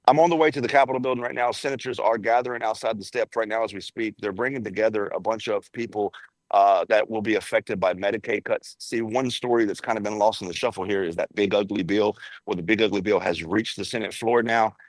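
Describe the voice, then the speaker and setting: A man's voice: lowish voice, steady tone, quick pace, dry recording, rough recording. Blunt man correspondent, dry sound. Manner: blunt, emphatic. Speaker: Washington correspondent. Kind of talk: blunt political commentary.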